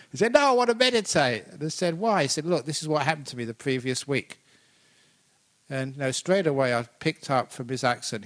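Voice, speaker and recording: A man teaches as a Buddhist monk in a relaxed, conversational dharma talk. He tells stories with animation and briefly puts on other people's voices. His voice sits in a middle register. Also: mid-range voice. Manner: conversational, animated storytelling, acts out quoted voices.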